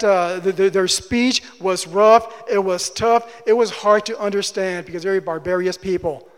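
High-voiced guy preaching, keeps asking the crowd questions and repeating lines, big reverby church sound. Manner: teaching with rhetorical questions and repeated phrases. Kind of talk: sermon. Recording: long hall reverb.

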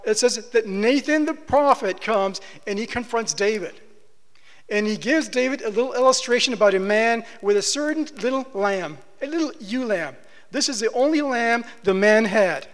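Impassioned high-voiced male preacher in a hall. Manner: impassioned, rises to emphatic declarations. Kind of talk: expository sermon. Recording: long hall reverb.

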